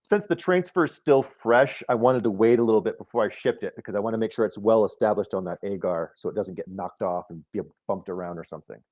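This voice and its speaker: A man's voice: on the low side, fast, hardly any pauses, a little mellow. Easygoing man with a Michigan accent. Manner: easygoing, explains things step by step. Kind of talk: casual chat.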